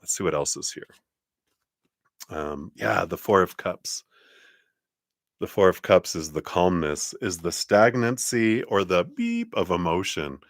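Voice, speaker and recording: A man's voice: low voice, unhurried, pauses often, no echo, clean studio sound. A man giving a live-streamed tarot reading in a chatty way, laughing often and using many fillers. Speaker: tarot reader.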